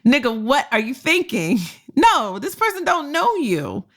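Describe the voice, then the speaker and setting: A woman's voice: high voice, big pitch swings, unhurried, a bit bright. A woman hosting a career podcast, telling a story with frank, slangy and profane advice, laughing often. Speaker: podcast host and career coach.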